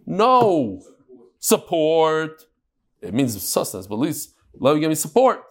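A man teaching a daily Talmud class, mixing Hebrew and Aramaic terms into lively English explanations. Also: unhurried. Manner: animated, jumping pitch and pace.

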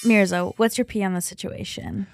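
A woman's voice: medium pitch, fairly even intonation, gravelly, faint music behind. Giggly female podcast co-host. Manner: giggly, quick reactions. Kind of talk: casual podcast chat.

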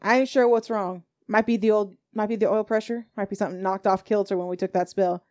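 A weary, rough-spoken coach driver with a folksy rural drawl, as a woman game master puts him on. He grumbles through his plain, clipped sentences. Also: medium pitch, fairly even intonation, fast talker, a little mellow, no echo, close to an everyday voice. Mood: grumbling.

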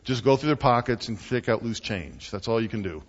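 Male preacher, higher voice with lively swings, talks to the church like a friend, lo-fi church recording. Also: brisk, hardly any pauses. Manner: animated, conversational, rhetorical questions to the congregation. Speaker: pastor. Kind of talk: sermon.

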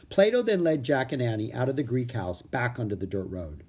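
A man reading a children's chapter book aloud, expressive storytelling. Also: mid-range voice, brisk, husky. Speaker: audiobook reader.

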